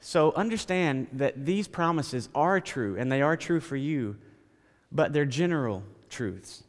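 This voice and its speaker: A man's voice: fairly high pitch, animated, measured pace, long reverb tail. A man preaching a sermon as pastor, in a conversational style, repeating phrases and stammering now and then.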